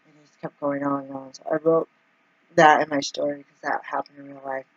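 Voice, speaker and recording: A woman's voice: low-pitched, flat delivery, fairly quick, no room sound, muffled recording. A woman telling a casual, rambling story full of filler words and acting out the lines of the people in it. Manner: acts out quoted dialogue. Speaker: vlogger.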